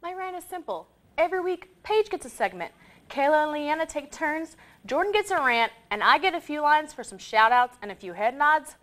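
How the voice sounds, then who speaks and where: A woman's voice: sits high, sing-song, a little fast, a bit bright. A young woman co-hosting a comic student TV show, delivering an indignant, complaining rant. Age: young adult. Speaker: co-host.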